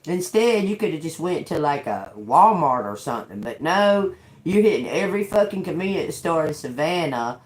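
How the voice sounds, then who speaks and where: A woman's voice: deep voice, sing-song, normal speed, reverberant. A woman telling a story in a blunt, profane, laughing way during a livestream. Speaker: tarot reader livestreaming. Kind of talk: casual storytelling chat.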